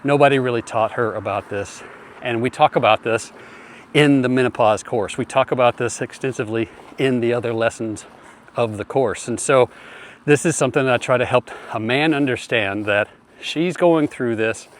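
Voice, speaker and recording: A man of middling pitch gives heartfelt marriage advice. He talks straight to the listener in a steady, earnest way, circling back over his points and calling the listener brother. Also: normal speed, a little hiss or hum. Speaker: marriage coach. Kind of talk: direct-to-camera advice talk.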